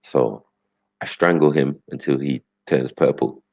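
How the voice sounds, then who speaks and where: A man's voice: a little slow, darkish tone, no echo. A man telling stories from his past in casual chat, often checking in with his listener. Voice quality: very deep and gravelly. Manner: conversational, keeps asking "you get me?". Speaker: host. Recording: dull lo-fi sound.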